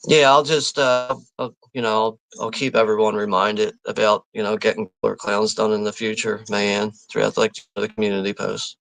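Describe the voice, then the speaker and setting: A man's voice: fairly low pitch, little pitch movement, moderate pace, gravelly, few pauses, a bit bright, low-quality recording. A man hosting a live watch party stream, chatting casually and rambling, with lots of fillers, restarts and easy chuckles. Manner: easygoing, chuckles often.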